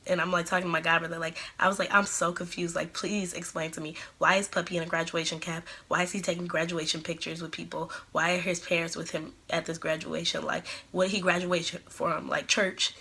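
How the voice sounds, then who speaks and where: A woman's voice: lowish voice, flat delivery, fairly quick, few pauses, bright, forceful tone, husky. A woman of about twenty-one, telling a storytime vlog and acting out the quoted lines. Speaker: vlogger.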